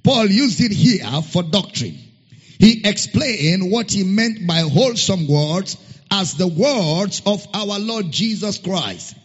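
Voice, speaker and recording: A man preaching a sermon, reading scripture slowly and emphatically and repeating key phrases. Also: high-pitched, animated, husky. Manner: spells out a Greek word letter by letter. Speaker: pastor. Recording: muffled sound with long hall reverb.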